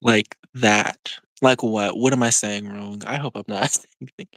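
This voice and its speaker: A young adult streamer chatting casually with viewers, rambling with lots of "like" and quick laughs. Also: mid-range voice, fairly even intonation, a bit bright, no echo. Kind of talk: casual live-stream chat, answering viewers.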